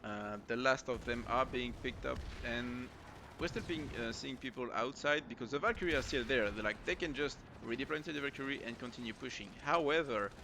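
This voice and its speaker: A man's voice: medium pitch, brisk, noisy background. A man with a French accent giving tired, rambling live commentary on a game match late at night, with many fillers. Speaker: esports caster.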